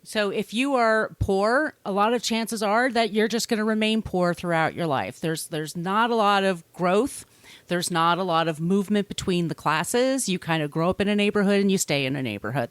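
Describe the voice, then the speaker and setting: A woman hosting a true-crime podcast, chatty and loose, with plenty of swearing. Her voice sits at a mid pitch and is recorded close and dry. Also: no echo. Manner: chatty, swears freely, laughs often. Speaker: podcast host. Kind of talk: casual true-crime storytelling.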